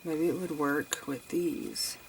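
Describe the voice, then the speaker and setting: Lady crafting n chatting, low voice, kinda sniffly, noisy room behind. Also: steady tone, takes it slowly, gravelly. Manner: chatty, thinks aloud while crafting, addresses viewers as you guys. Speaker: craft tutorial host. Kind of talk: casual crafting tutorial chat.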